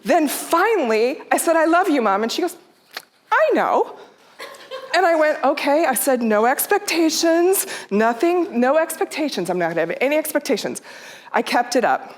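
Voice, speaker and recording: A woman's voice: sits high, big pitch swings, normal speed. A middle-aged woman giving a heartfelt storytelling talk on stage, quoting herself and her mother in her own voice. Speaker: speaker. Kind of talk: storytelling talk to a live audience. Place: theater stage.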